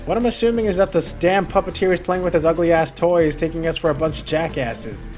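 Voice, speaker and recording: Woman doing a snotty cube mascot villain from a game, all mocking insults and swearing, a bit higher than her normal voice, faint music behind. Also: brisk, a little mellow, lightly acted. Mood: taunting. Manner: mocking, vulgar taunts.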